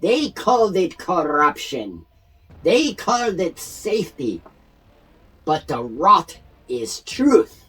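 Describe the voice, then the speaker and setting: A zealous goblin shaman rumbles out slow prophecies of rot and ritual, as a man puts him on at the gaming table. His delivery is deliberate and ominous, with a slightly husky tone. Faint music plays underneath. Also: big pitch swings, exaggerated voice. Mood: fervent. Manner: slow, ominous, louder declarations. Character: bone-draped zealous goblin shaman, male.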